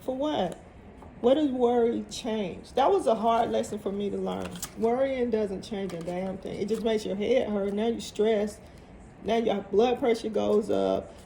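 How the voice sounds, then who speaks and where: A woman's voice: on the high side, vocal fry, warm tone, a little hiss or hum. A woman giving a casual tarot reading to viewers, emphatic and motivational, often repeating her phrases. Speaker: tarot reader.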